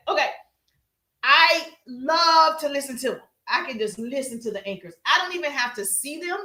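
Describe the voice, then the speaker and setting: A woman coaching a live-stream audience on business, with a high, bright voice and a punchy, emphatic delivery. She greets her viewers in the chat as she goes. The room sounds echoey. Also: expressive, brisk. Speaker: social media business coach.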